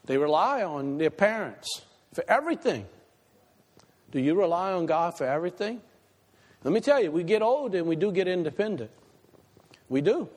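A man delivering a sermon, his voice pitched high and lively. He climbs to loud, emphatic peaks, then drops to quiet, confiding asides. A long reverb trails behind him, as in a church hall. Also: normal speed, pauses often. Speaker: pastor.

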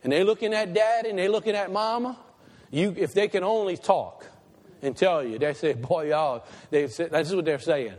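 A man preaching a sermon as pastor, swinging from loud emphatic peaks to quiet asides. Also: high-pitched, normal speed. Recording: long hall reverb.

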